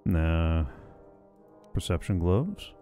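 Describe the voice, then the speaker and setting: Deep-voiced man giving relaxed game commentary. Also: drawn-out words. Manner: relaxed, wry, thinking aloud. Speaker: gaming let's-play host. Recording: voice over game audio with faint music.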